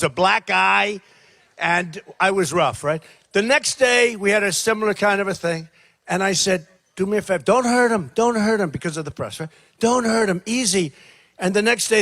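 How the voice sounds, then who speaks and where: Standing before a big rally crowd next to a plane, this older candidate rambles through a campaign speech, repeats himself, and addresses the people directly. His voice sits high and sounds bright and forceful, with no echo.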